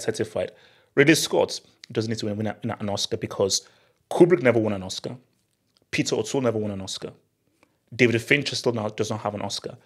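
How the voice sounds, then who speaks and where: Talking to his viewers on camera, a young man who vlogs about movies sounds husky at a normal mid pitch, with frequent laughter. He gets excitable, drops slang, and repeats himself once he's worked up.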